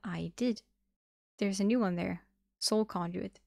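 A woman's voice: medium pitch, measured pace, vocal fry, no room sound. A woman doing a cold, curt young man. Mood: flat. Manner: curt, flat.

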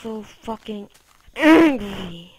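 A woman giving casual let's-play commentary, foul-mouthed and easily frustrated, cursing at the game and yelling at its animals. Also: on the high side, animated, drawn-out words, slightly rough, dry recording, rough recording. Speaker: gameplay commentator.

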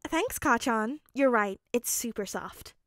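A woman voicing a sweet, gentle young man. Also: animated, measured pace, no echo, clean studio sound. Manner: soft, sweet, higher voice. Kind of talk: fanfic audiobook reading.

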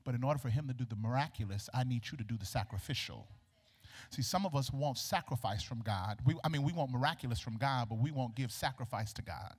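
A man preaching a sermon in a church, animated and colloquial, acting out the dialogue of the people in his story. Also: mid-range voice, quick pace, slightly rough. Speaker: pastor. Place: church sanctuary. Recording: long reverb of a large hall.

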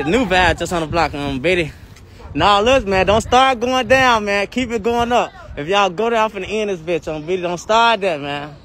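A man's voice: high-pitched, a bit bright. A young man hosting a phone livestream outdoors on a city block, using hyped, profane street slang to push his viewer count up. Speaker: livestream host. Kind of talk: casual livestream chat.

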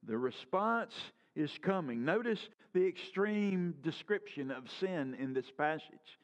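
A man's voice: on the high side, animated, a little slow. A man preaching a sermon as pastor, earnest and full of rhetorical questions, his voice rising and falling.

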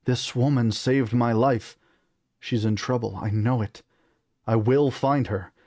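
A resolute young prince who speaks in firm, commanding sentences, a man's voice at a middling pitch, as the reader plays him. The sound is dry and close. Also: steady tone, a little slow, darkish tone, no room sound, lightly acted. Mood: determined. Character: determined young male prince, commanding and urgent.

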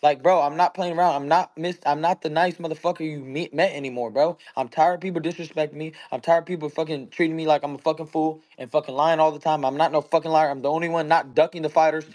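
A man's voice: a little high, fairly even intonation, quick pace, few pauses, a little mellow. A young man in his twenties, a boxer talking bluntly and heatedly in casual chat, swearing constantly. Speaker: boxer guest.

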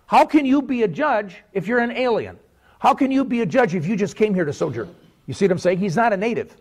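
A man preaching a sermon as pastor, animated, with repeated rhetorical questions and swings between loud and quiet. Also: high-pitched.

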